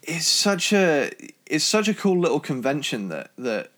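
A man from Cornwall with a British accent, co-hosting a casual album review chat in an enthusiastic, talkative way. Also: unhurried. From Cornwall, England. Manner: enthusiastic, chatty, jumps in pitch when excited. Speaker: podcast co-host reviewing albums.

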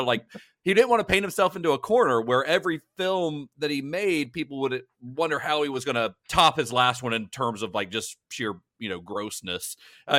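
Brief: male podcast co-host, animated pitch, loose rambling talk, dry close sound. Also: dry recording. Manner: laughs often, loose and rambling. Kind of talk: casual chat.

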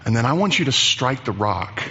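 A man preaching a sermon as pastor, animated and chatty, acting out the voices of Bible figures. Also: medium pitch, moderate pace, gravelly, muffled recording, a little hiss or hum.

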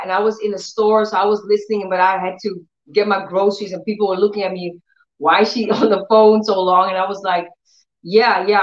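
A woman preaching a faith-healing sermon, telling stories with animated acted-out dialogue. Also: mid-range voice, roomy sound, highs cut off. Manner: animated storytelling, acts out dialogue in changed voices.

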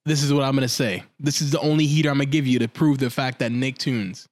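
A man co-hosting a podcast in casual, animated chat, swearing and acting out cartoon scenes. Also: mid-range voice, fast talker, dry recording. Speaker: podcast co-host.

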